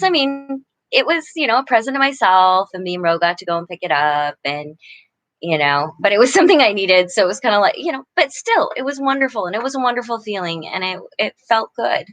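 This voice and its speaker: A woman's voice: lowish voice, fairly bright tone, dry recording. A middle-aged woman hosting a casual live chat, talking earnestly and gushing with many restarts. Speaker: livestream host.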